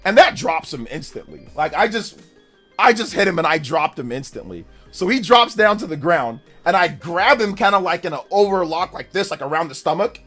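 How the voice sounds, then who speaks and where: A man's voice: fairly high pitch, normal speed, soft background music. A young man hosting a livestream, casually telling a story in slang and acting out the voices of the people in it. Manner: animated, slangy, acts out voices in his story. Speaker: livestream host.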